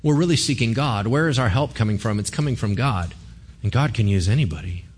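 A man's voice: medium pitch, animated, brisk, breathy edge. A man, a pastor, giving a sermon in a conversational, joking way, often asking the congregation questions.

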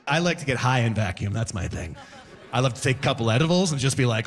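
A man in his forties performing a stand-up comedy set, animated and breaking into shouted high voices for his bits. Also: quick pace.

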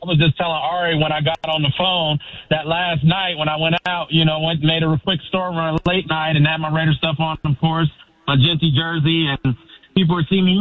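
A man's voice: fairly high pitch, flat delivery, fairly quick, dry recording. A middle-aged man calling into a sports radio show, effusive and rambling, calling the host brother. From Sacramento, California. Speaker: caller. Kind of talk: excited sports call-in chat. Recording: tinny phone line.

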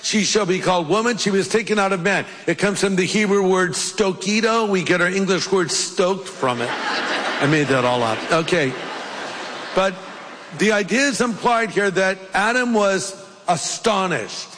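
A man's voice: high-pitched, moderate pace, a bit bright, long reverb tail, slight background noise. A man preaching a sermon as pastor, explaining scripture with playful asides. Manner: jokey, puts on playful accents.

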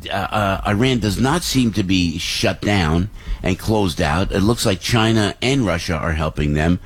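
A man hosting a talk radio show, reading live ads and interviewing guests in an excitable, rambling way in a studio. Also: deep voice, a little slow, breathy edge. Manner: excitable, rambling, laughs through reads. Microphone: studio microphone.

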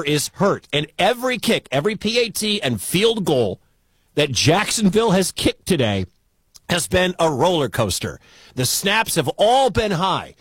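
Man, play-by-play radio caller, high and lively, dry booth sound, shouts at big moments. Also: breathy edge, no room sound. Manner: excitable, erupts into shouts at big plays. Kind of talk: live radio football commentary. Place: stadium broadcast booth.

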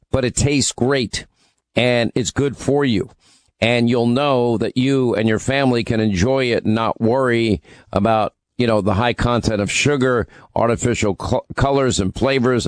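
A man's voice: medium pitch, dry recording. A man hosting a radio talk show, rambling conversationally through ad reads and news, with fillers and restarts.

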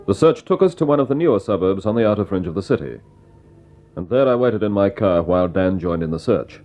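An actor playing a thoughtful investigator who narrates in a measured, reflective way, in vintage radio drama style. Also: male voice, fairly low pitch, expressive, mellow, close to an everyday voice. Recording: dull lo-fi old radio recording with faint music.

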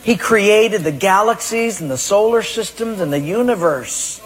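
A pastor preaching a sermon, emphatic, acting out people's excuses in a raised voice. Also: male voice, high voice, expressive, a little slow, breathy edge, in a large hall, poor audio.

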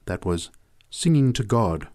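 A man narrating short stories aloud in an expressive reading voice. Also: fairly low pitch, a little slow. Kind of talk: story reading.

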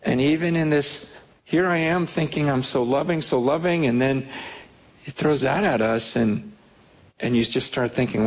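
Husky man preaching a story. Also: medium pitch, normal speed, poor audio. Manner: earnest, confessional storytelling. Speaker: pastor. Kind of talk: sermon storytelling.

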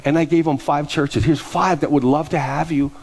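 A man's voice: fairly high pitch, fairly even intonation, normal speed, darkish tone. A male pastor preaching a storytelling sermon, acting out both sides of conversations.

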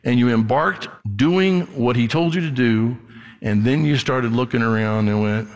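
A male pastor delivers a conversational sermon, slipping into the voices of the people in his story. His voice has a gravelly edge, and it rolls out into the long reverb of a large sanctuary. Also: mid-range voice, moderate pace. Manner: conversational preaching, acts out voices, ends in prayer.

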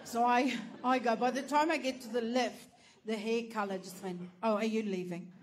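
A woman's voice: fairly high pitch, moderate pace, a little hiss or hum. An Australian woman doing stand-up storytelling, brash and sweary, laughing through her punchlines. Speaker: stand-up comedian.

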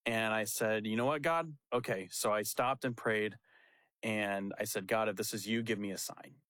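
A man's voice: fairly low pitch, moderate pace, dry recording. Young guy pastor telling a story, acts out voices, laughs a lot, dry close sound. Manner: animated, laughing storyteller who acts out quotes. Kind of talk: casual storytelling chat.

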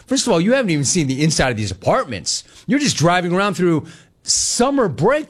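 A man's voice: high-pitched, a little fast. A man in his fifties hosting a sports talk radio show, telling stories in a wry, conversational monologue. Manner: animated storyteller, wry and conversational.

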